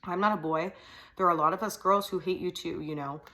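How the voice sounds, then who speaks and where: A woman's voice: on the low side, a little fast. A bold, scheming teenage girl speaks eagerly and sounds pleased with herself, as a woman reads her aloud. It sounds like an audiobook reading, with the girl's lines close to the reader's own voice. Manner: eager, excited.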